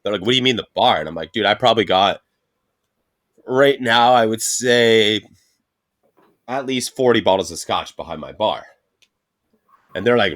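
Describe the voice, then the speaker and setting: An animated man with a lowish, slightly bright voice speaks at normal speed while co-hosting a laid-back podcast. He tells stories full of swearing, playing out what his coworkers said.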